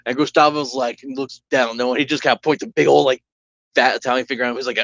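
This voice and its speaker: A man's voice: mid-range voice, steady tone, quick pace, vocal fry, fairly bright tone, dry recording. A man chats his way through a solo tabletop game, rambling and breaking off for asides. His mic sounds dull and lo-fi, with a dry, close sound. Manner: rambling, chatty, with restarts and asides.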